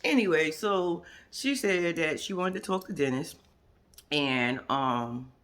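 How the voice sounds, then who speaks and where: A woman's voice: sits low, lively intonation, slow pace, a bit bright. A woman giving a casual, sassy spoken recap of a reality TV episode as a vlogger. She acts out what other people said and drops into whispered asides.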